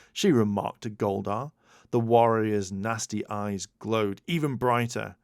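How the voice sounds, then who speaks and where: A man's voice: fairly low pitch, a little slow, smooth, no echo. A man narrating a children's storybook as an audiobook, reading expressively into a close mic. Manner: expressive read-aloud narration.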